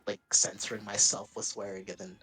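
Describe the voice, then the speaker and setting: A man's voice: on the low side, little pitch movement, a little fast, pushed and bright, breathy edge, soft background music, poor audio. A man chatting casually while gaming, rambling with lots of fillers and giggling often. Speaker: co-host.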